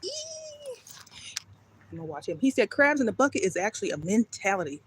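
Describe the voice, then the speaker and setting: A woman's voice: medium pitch, sing-song, brisk, slightly rough. A woman livestreaming casually while she walks her dog outside at night, rambling and breaking off to call the dog, talking into a handheld phone. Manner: talks while walking. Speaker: vlogger on a live stream. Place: outdoors at night. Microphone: phone held by hand.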